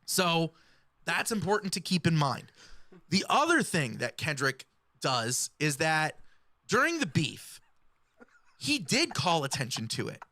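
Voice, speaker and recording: A man's voice: on the high side, very animated, measured pace, long pauses, pushed and bright, no echo. A man giving earnest, explanatory hip-hop commentary and breaking down lyrics. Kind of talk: analytical commentary.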